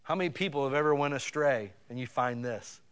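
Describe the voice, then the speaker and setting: A man's voice: medium pitch, fairly quick, a bit bright, clear, resonant tone. A man preaching a sermon in a folksy, conversational way, talking directly to his listeners with emphatic swells. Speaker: pastor.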